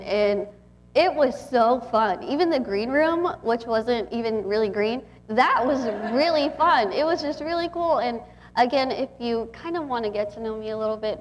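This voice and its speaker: A woman in her twenties from Texas, giving a chatty, emotional inspirational talk to an audience as a guest speaker. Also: fairly high pitch. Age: 20s. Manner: chatty, warm and emotional, with frequent laughs.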